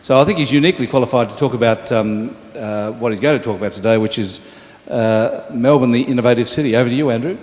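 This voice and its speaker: A man introducing a speaker at a conference, hesitant, with many pauses and ums. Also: medium pitch, darkish tone. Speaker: event host introducing a speaker. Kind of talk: stage introduction. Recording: hall reverb with faint room noise.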